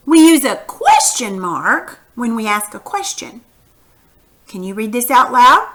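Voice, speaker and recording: A woman with a bright, fairly high voice teaches punctuation to young children. She speaks patiently and encouragingly, asking them to read along and stretching out example sentences to show emphasis. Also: lively intonation, moderate pace.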